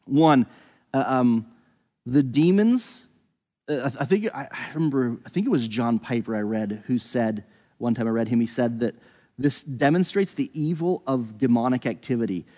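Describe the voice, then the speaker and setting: A man's voice: medium pitch, moderate pace, dark tone, in a large hall. A man giving a conversational Bible teaching, thinking aloud with frequent restarts and hedges.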